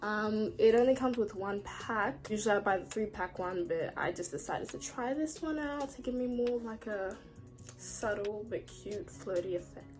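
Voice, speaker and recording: A woman's voice: mid-range voice, normal speed, darkish tone, faint music behind. A young woman, chatting casually to camera as a vlogger, exasperated and ranting, with lots of "like". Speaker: beauty and lifestyle vlogger.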